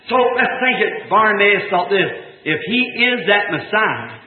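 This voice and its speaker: A high-pitched man preaching a fervent sermon, acting out each scene with shouts and chanted lines. The sound is thin and tinny, like an old tape, and it rings in an echoey room. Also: moderate pace, few pauses, a faint crowd.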